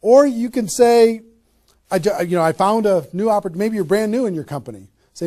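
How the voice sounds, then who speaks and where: Man, high-pitched trainer voice, punchy motivational delivery, rhetorical questions, live room talk. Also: moderate pace. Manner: energetic, emphatic, asks rhetorical questions. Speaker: network marketing trainer. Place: room with a small live audience.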